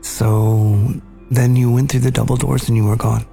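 A man hosting a podcast, earnestly recounting a family memory in a measured, reflective way. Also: medium pitch, level tone, gravelly, mellow, faint music behind. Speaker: podcast host. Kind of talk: reflective storytelling conversation.

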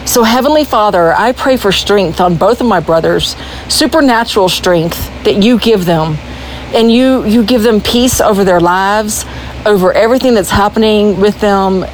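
A woman's voice: mid-range voice, moderate pace, a little hiss or hum, rough recording. A woman from Texas with a Texan accent, calling in with an earnest, pleading prayer message. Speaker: caller.

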